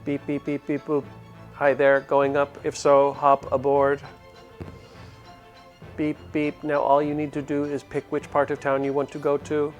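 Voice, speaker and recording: A man's voice: fairly high pitch, completely flat delivery, unhurried, muffled recording, faint music behind, pitched above the performer's own voice, close to an everyday voice. A man voicing a cheerful robot elevator operator in a game, beeping in a bouncy sing-song. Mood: chirpy.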